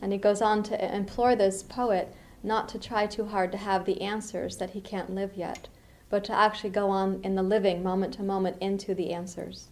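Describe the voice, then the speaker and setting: Middle-aged woman from the US East Coast, meditation teacher giving a dharma talk; unhurried and reflective, mid-range voice, lively asides. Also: medium pitch, slight background noise.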